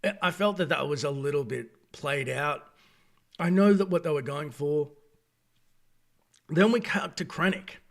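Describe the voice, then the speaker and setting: An Australian man giving a casual, opinionated review, talking in an animated, digressive way. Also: a little high, a little slow, creaky, long pauses. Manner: animated, digressive, acts out quoted voices. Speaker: video reviewer.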